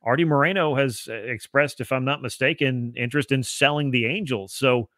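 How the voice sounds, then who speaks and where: A man's voice: medium pitch, brisk, a bit bright, dry recording. A man who is a guest analyst on a sports podcast, explaining at length in a fluent, casual way.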